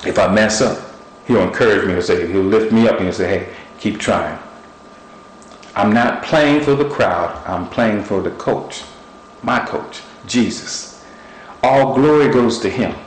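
A man's voice: lowish voice, lively intonation, unhurried. A middle-aged man preaching a sermon, repeating short phrases and using objects as illustrations. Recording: echoey room with faint noise.

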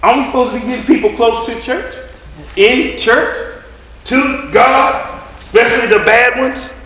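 A man's voice: very high-pitched, measured pace, pushed and bright. A man preaching a sermon, driving his points home with repeated phrases and rhetorical questions. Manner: emphatic, repetitive preaching cadence with rhetorical questions. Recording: echoey room.

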